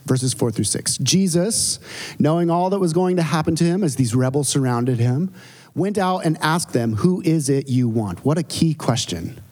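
A pastor in his forties preaching a dramatic, storytelling sermon, his pitch rising and falling widely. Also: a little mellow. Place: church sanctuary. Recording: long reverb of a church hall.

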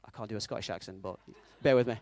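A man's voice: lowish voice, very fast, darkish tone. A man preaching a conversational sermon, telling a story and checking in with his audience, with a self-mocking manner.

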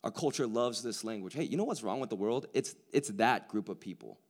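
Preacher swinging from whisper to excitement. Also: male voice, fairly low pitch, a little fast. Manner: swings from hushed near-whisper to loud excitement, casual slang. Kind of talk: sermon. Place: large hall with hundreds of people.

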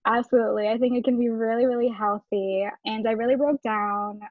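A woman in casual conversation, speaking earnestly, laughing often and trailing off softly. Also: a little high, steady tone, brisk, no echo. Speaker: writer and guest. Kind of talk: casual chat. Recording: dry, dull lo-fi sound.

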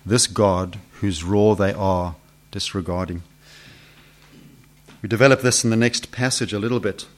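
A man preaching a sermon who asks the congregation questions and swings between loud build-ups and hushed lines. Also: on the low side, steady tone, normal speed.

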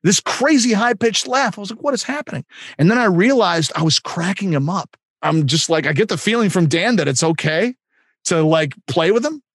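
A man who works as an improv and voiceover actor, a podcast guest telling animated anecdotes and acting out the dialogue. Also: sits high, moderate pace, dry recording, clean studio sound. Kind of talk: anecdotal storytelling.

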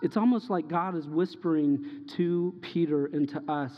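A man preaching a sermon, his voice a bit high for a man. He acts out the lines he quotes, rising loud and dropping to near hushes, and the long reverb of a hall trails after his words on a dull-sounding recording. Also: measured pace. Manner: impassioned preaching, acting out quoted dialogue, swinging loud and soft. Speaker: pastor.

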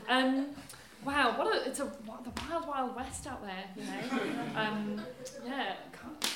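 A woman with a very high voice hosts a live storytelling event, chatty and full of laughing asides. A loud crowd and heavy noise fill the echoey room. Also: unhurried. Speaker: event host.

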